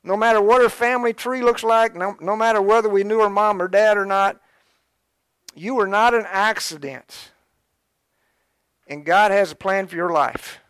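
A male pastor delivering a sermon in a fervent, exhorting way, with a slightly high voice. The sound is dry and close. He speaks straight to his listeners and urges them on. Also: normal speed, clean tone, no room sound. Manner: fervent, exhorting, urgent early and quieter and reflective later.

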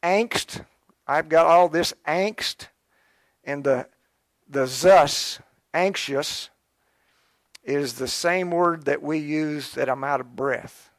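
A man's voice: on the high side, slow pace, long pauses, no echo, studio quality. A male pastor preaching a sermon, fervent and exhorting, speaking directly to his congregation. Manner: fervent, exhorting, urgent early and quieter and reflective later.

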